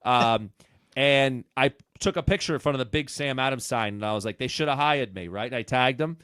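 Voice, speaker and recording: A comedian with a New England accent telling a profane, self-mocking story on a podcast. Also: male voice, mid-range voice, fairly quick, fairly bright tone, smooth. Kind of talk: casual storytelling chat.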